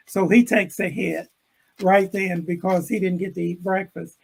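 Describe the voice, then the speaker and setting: Gravelly older man telling a story. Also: high voice, normal speed, rough recording. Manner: animated storyteller, acts out characters' lines. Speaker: interview guest, educator. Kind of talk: storytelling in a video call interview. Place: room with bookshelves.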